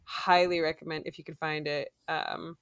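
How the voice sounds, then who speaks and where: Lower-pitched chatty woman co-host. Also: level tone, moderate pace, smooth. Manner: chatty, filler-heavy, laughs often. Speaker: podcast co-host. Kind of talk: casual chat.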